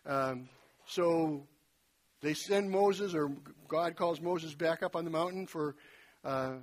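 A man preaching a sermon in a conversational way, retelling scripture with lively folksy asides and a slightly husky voice. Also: fairly high pitch, takes it slowly.

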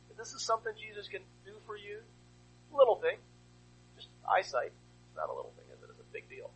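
A man's voice: high voice, sing-song, brisk, pushed and bright, husky, rough recording. A male pastor preaching a sermon, asking rhetorical questions and retelling a story with animation.

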